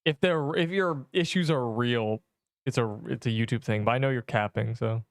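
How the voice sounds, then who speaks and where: Playing a game on stream, this man keeps up loose, rambling chatter with his audience, full of slang and exasperated joking. His voice is mid-range at a normal speed, with no audible room sound.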